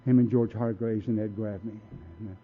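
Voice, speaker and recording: A man's voice: on the low side, fairly even intonation, brisk, slight background noise. A man speaking at a recovery meeting, telling his story in a blunt, streetwise way and acting out what people said. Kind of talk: personal story talk. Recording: tinny phone-like recording.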